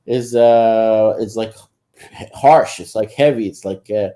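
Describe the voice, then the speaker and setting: A man chatting casually, halting and full of fillers and restarts. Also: on the low side, dark tone. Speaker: guest. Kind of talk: casual chat.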